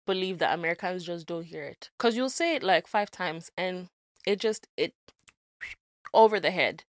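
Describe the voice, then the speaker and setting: A woman's voice: fairly low pitch, normal speed, no echo, studio quality. A woman co-hosting a podcast in casual chat, playful and teasing as she tells stories. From Nigeria. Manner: playful, teasing, animated storytelling. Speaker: podcast co-host.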